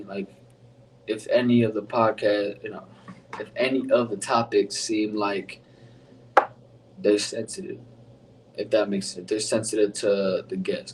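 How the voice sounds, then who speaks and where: A man's voice: lowish voice, darkish tone, distant mic, a little hiss or hum, rough recording. A young man hosting his podcast, rambling casually in slangy talk with lots of fillers. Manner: laid-back, rambling, slangy with frequent fillers. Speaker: podcast host. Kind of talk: casual solo podcast intro.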